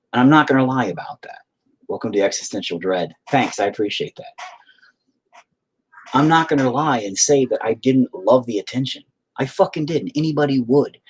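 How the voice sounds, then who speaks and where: Profane, rambling man with lively pitch. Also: slight background noise. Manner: rambling, heavily profane, frank. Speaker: musician streaming to chat. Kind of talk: casual confessional livestream monologue.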